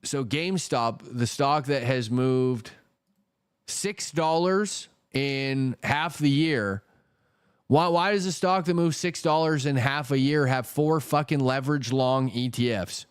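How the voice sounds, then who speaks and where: A man in the middle of a casual market rant on his livestream, cursing freely and circling back over the same point. His voice sits at an ordinary middle pitch and comes across close and dry, with no room sound around it. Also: slow pace, smooth, dry recording. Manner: exasperated, swears heavily, repeats himself. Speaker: stock market livestream host.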